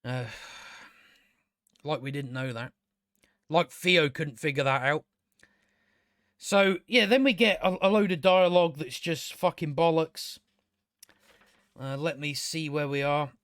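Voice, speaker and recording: A man's voice: on the high side, takes it slowly, pauses often, a bit bright, dry recording, studio quality. A man reviewing a TV episode in a casual, sarcastic and exasperated rant, swearing freely. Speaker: TV show reviewer.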